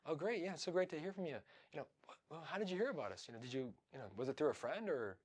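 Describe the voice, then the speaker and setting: A man acting out a friendly woman who answers a business call and greets the caller warmly. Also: on the high side, expressive, racing, slightly rough. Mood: welcoming.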